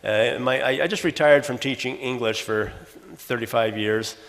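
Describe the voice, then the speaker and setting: Older man, conference lecturer, mid-pitched voice, explains by example, restarts his sentences, long hall reverb. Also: moderate pace, fairly bright tone. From Los Angeles, USA. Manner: explanatory, works through examples, frequent self-corrections. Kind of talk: academic lecture.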